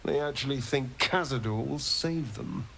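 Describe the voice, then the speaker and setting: A man's voice: mid-range voice, normal speed, fairly bright tone, a little hiss or hum, lightly acted. An actor playing a sly, arrogant young-looking male vampire spawn in a video game, with a smug, mocking, theatrical delivery. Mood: scheming.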